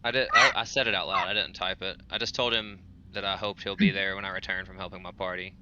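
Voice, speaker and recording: A man explains things quickly as a player in a tabletop game. His voice sits low for a man but has a very bright, sharp tone. It comes through a dull, lo-fi microphone. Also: steady tone, slight background noise. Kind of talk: casual game chat. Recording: dull lo-fi mic.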